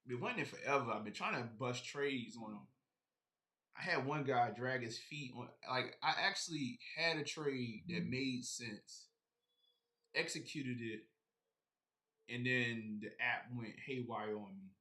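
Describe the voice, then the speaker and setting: A man's voice: mid-range voice, unhurried, sharp tone. A man chatting casually on a live stream about his sneaker collection, rambling and talking straight to his viewers.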